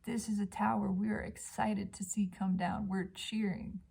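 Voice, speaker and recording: A woman doing an intuitive tarot reading at home, gushing and dreamy, often dropping into soft whispers. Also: mid-range voice, level tone, moderate pace, creaky, husky. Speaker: tarot reader. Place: home by a balcony.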